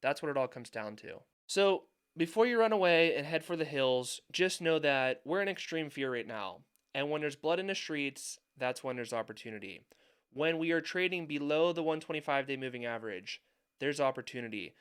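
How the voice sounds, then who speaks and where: Male finance YouTuber, young adult, smooth clear voice pitched a bit high, emphatic commentary style. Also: animated, normal speed, a bit bright. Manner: emphatic, repeats points for stress. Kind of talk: market commentary over charts.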